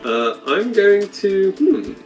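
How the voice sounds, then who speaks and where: A man playing a tabletop game, thinking aloud in an unhurried way. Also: high voice, big pitch swings, soft background music, poor audio. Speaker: player. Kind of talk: casual tabletop play.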